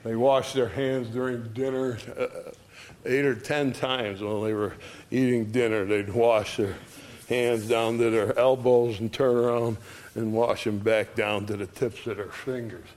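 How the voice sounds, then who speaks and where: Man, bible study teacher, slow unhurried delivery, conversational, acts out quotes. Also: mid-range voice, fairly even intonation, darkish tone.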